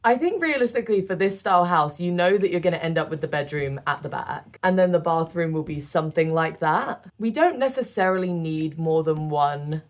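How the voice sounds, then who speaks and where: A young British woman chatting casually through a game build, self-deprecating and quick to laugh. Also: fairly low pitch, animated. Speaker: gaming creator.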